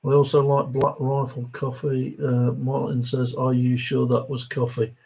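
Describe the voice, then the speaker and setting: A man's voice: medium pitch, flat delivery, a little slow, vocal fry, darkish tone, breathy edge, rough recording. A middle-aged man hosting a live Q&A stream, chatting casually and reading viewer comments aloud.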